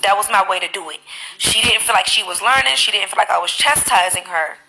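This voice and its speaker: A woman live streaming, telling her stories in an animated, profane way into a phone mic. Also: mid-range voice, brisk, gravelly, noisy background. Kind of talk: casual live-stream chat.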